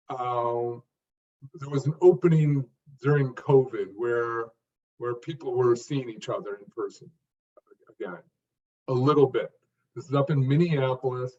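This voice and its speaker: A man's voice: medium pitch, darkish tone, lo-fi sound. Guy answering interview questions, talks in short punchy phrases, sounds far from the mic. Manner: speaks in short emphasized phrases, with repeated restarts. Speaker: speech coach and speaker.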